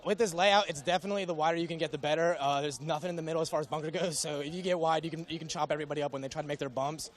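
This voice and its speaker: A young man, a player, answering post-match questions outdoors in a casual, halting way. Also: a little high, fairly even intonation.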